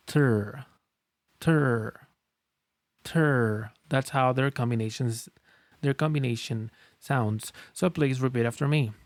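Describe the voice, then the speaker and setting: A man's voice: mid-range voice, no echo. A man teaching phonics, patiently sounding out letters and words for learners to repeat. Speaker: language teacher. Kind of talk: phonics lesson, slow drilled pronunciation. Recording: dry close recording with faint music.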